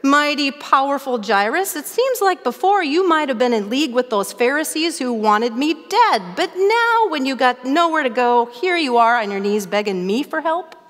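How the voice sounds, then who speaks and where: A woman's voice: high voice, big pitch swings, moderate pace, hardly any pauses, long reverb tail. A woman voicing a sarcastic man who gloats over a humbled rival, in a mocking tone. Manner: mocking, sneering tone.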